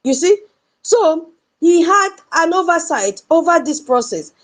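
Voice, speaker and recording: A woman's voice: extremely high pitch, lively intonation, measured pace. A Nigerian woman giving an impassioned political commentary, repeating her points and asking her audience rhetorical questions.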